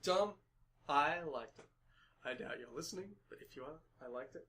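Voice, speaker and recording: Easygoing man, slightly high voice, stuffy. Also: lively intonation, fairly bright tone, slight background noise, low-quality recording. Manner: laid-back, halting, lots of ums. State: stuffy with hay fever. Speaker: podcast host. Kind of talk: casual chat.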